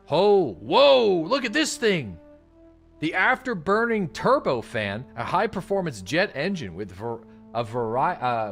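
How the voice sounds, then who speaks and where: A young man streaming a game, chatting casually, swearing freely and getting loudly excited at new finds. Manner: excitable, swears a lot, jumps up high when surprised. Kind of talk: casual gaming livestream chat.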